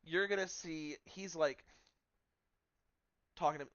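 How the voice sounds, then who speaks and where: A man's voice: mid-range voice, normal speed, a bit bright, no echo, muffled recording. A man narrating a tabletop game as game master, casual and full of fillers.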